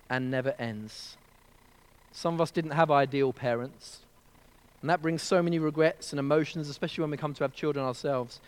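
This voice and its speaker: A man preaches in an earnest, storytelling way, speaking gently and directly to his listeners. His voice sits high for a man, and it trails off into the long reverb of a large hall. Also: smooth. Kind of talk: sermon at a child dedication service.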